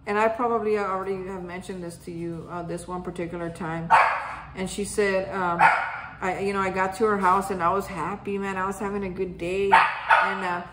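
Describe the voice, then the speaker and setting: A woman's voice: mid-range voice, very noisy. Woman sharing a roomy spoken reflection. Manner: storytelling, acts out remembered conversations. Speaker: host of a daily reflection. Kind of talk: casual personal reflection. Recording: roomy echo.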